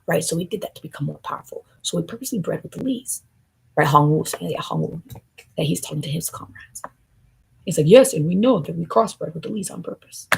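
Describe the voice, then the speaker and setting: A woman with a low, heavily gravelly and raspy voice rambles through a conspiratorial stream commentary. She lurches between hushed asides and loud outbursts as one thought tumbles into the next. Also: low-quality recording.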